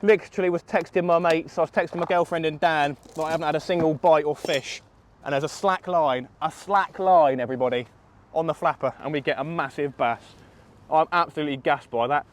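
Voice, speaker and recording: A man's voice: on the high side, steady tone, fast talker. A young man from England talking viewers through a fishing trip outdoors by a river, chatty and explaining each step. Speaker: angling vlogger. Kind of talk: fishing vlog commentary.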